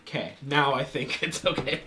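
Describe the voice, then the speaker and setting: A man's voice: mid-range voice, moderate pace, sharp tone, slight background noise. A man playing a tabletop game as a player, laughing often and joking.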